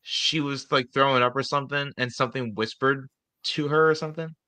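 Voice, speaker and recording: A man's voice: medium pitch, fairly even intonation, brisk, bright, forceful tone, no echo. A man in a casual podcast chat, talking hesitantly with many fillers.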